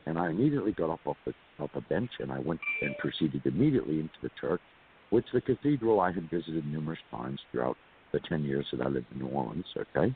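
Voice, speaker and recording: Talking fast in a very deep voice, the interviewee, a California man, keeps his intonation lively while meandering through a long story from his life. He repeats himself and addresses listeners in asides, all through a tinny line with hiss.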